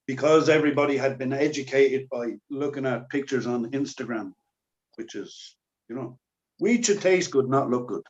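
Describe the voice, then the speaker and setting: A man's voice: mid-range voice, moderate pace, darkish tone, highs cut off. A man in casual podcast chat, rambling along with lots of fillers and restarts.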